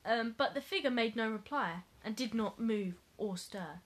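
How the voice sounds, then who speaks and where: A woman's voice: on the high side, normal speed. A woman co-hosting a podcast, reading a fairy tale aloud and chatting about it with mock-dramatic asides. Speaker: podcast co-host.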